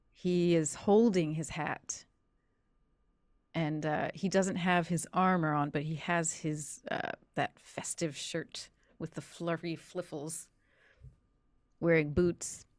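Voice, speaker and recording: Slow, deliberate woman game master. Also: low-pitched, darkish tone, smooth, no echo, studio quality. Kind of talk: narrating a horror tabletop game.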